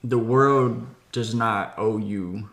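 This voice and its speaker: A man's voice: fairly low pitch, slow pace, a bit bright. A man hosting a casual podcast discussion, asking probing questions. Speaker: podcast host. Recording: echoey room.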